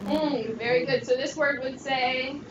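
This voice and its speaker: A woman's voice: high-pitched, steady tone, a little slow, dull audio, noisy background. A woman teaching a Greek class, leading students through pronunciation drills with encouraging call-and-response. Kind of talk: classroom lesson. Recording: echoey classroom from far off.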